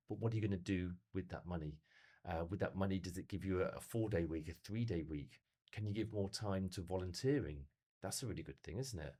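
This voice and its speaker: A middle-aged man speaking as a motivational speaker in casual podcast conversation, animated and telling stories, full of rhetorical questions. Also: sits low.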